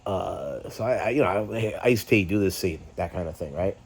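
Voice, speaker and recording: A middle-aged man talks straight to his vlog audience with a somewhat low voice. He is agitated and profane, halting with fillers as he vents. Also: animated, slight background noise. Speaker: YouTube host. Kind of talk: candid personal vlog rant.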